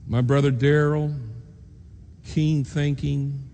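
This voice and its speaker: A man's voice: fairly high pitch, level tone, slow pace, dark tone. A man preacher telling a personal story in an earnest, emotional sermon, acting out the voices of people he quotes. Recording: long reverb in a large hall, faint noise.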